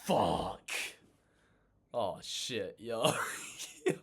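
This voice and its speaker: A man ranting in casual reaction commentary, animated and swearing a lot, exasperated. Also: fairly low pitch, drawn-out words, breathy edge. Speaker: reaction channel host.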